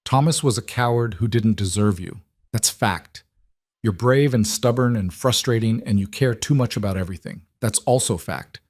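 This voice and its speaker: A man's voice: on the low side, moderate pace, no echo, studio quality, natural voice. A man voicing the written notes of a mute giant ex-soldier cowboy, blunt and plainspoken. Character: silent stubborn giant ex-soldier cowboy, notes read aloud.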